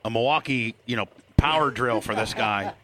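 A man hosting a show with a middle-pitched voice, teasing a guest in loose, rambling banter. He stops and restarts often, piling up asides. A lively crowd is heard behind him. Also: normal speed. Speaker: show host. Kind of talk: casual banter, joking.

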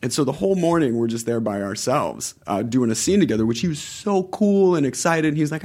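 A gravel-edged male voice, trailing into vocal fry, tells showbiz stories in a loose conversational chat. He is in his forties and jumps up in pitch to act out what others said, laughing as he goes. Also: brisk. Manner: lively storyteller, acts out quotes with raised pitch and laughs. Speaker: podcast guest, actor. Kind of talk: casual anecdotal chat.

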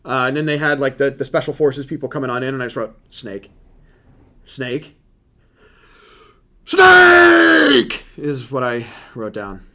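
A man hosting a casual movie-review chat, animated and profane, often laughing as he talks. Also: medium pitch, fast, hardly any pauses. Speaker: podcast host.

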